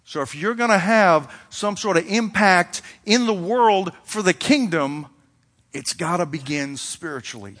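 High-voiced man preaching in an echoey hall. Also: expressive, unhurried, a bit bright. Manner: conversational storytelling, acting out little dialogues. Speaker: pastor. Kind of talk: sermon.

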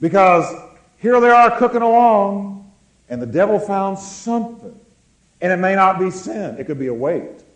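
A man preaching a sermon, calling on the congregation to answer and slowing down to stress words. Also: high voice, sing-song, roomy sound, poor audio. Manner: preaching with call-and-response, slowing words for emphasis. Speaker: pastor.

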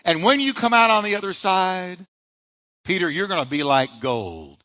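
Lively bright-voiced male pastor preaching. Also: high-pitched, normal speed. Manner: preaching with rising emphatic bursts and repeated refrains. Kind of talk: sermon. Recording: live church sermon audio.

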